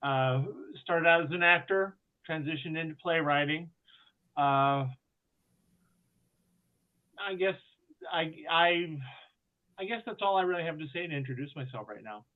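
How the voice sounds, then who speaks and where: A man with a fairly high voice who speaks in a wry, to-the-point way. His audio comes through narrow and tinny, like a phone line. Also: a little slow, long pauses. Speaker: playwright. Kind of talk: casual roundtable introduction.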